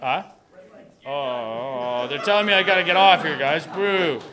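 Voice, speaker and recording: A man's voice: fairly high pitch, unhurried, crowd noise. A man doing a stand-up set in short, clipped punchlines. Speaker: stand-up comedian. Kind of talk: stand-up comedy.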